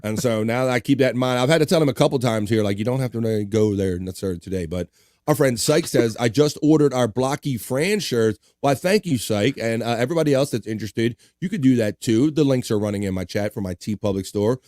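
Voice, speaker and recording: A man at a middle pitch hosts a loose livestream chat, reading out viewer comments and joking between them. He is animated and swears casually. The sound is dry and close. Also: quick pace, no echo. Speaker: livestream host.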